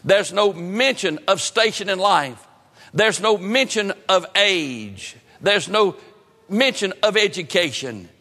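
High-voiced preacher in a hall. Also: male voice, lively intonation, takes it slowly, pushed and bright. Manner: fervent, repetitive preaching cadence. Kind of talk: sermon.

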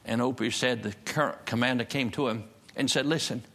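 A pastor delivers a church sermon in a gravelly voice at an ordinary middle pitch. He drives his points home by repeating key phrases with strong emphasis, the way a preacher does from the pulpit. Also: steady tone, moderate pace, fairly bright tone. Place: church service.

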